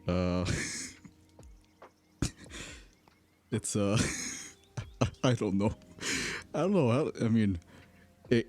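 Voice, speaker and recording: A man's voice: fairly low pitch, dark tone. A man streaming in casual chat, telling rambling stories and laughing often. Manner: rambling, self-correcting storyteller.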